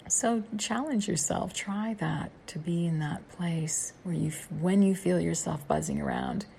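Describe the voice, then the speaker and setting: Slow, whispery woman around sixty. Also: on the low side, very animated, vocal fry, slight background noise. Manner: hushed, whispery delivery; gentle and unhurried, with drawn-out pauses. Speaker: meditation podcast host. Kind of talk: soft-spoken guided meditation talk.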